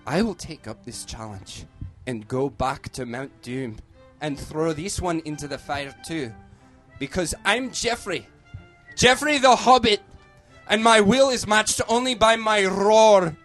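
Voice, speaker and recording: Man playing a feeble hobbit lad, Scottish accent, high wailing voice, boastful, comedy sketch. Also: unhurried, fairly bright tone, faint music behind. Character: feeble, whiny young male hobbit dreaming of adventure.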